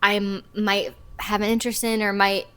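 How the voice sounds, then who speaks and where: A woman's voice: medium pitch, little pitch movement, normal speed, a crowd in the background. A woman in her thirties co-hosting a podcast, chatting casually and giggling as she trails off mid-sentence. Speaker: podcast co-host. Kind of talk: casual chat recapping a movie.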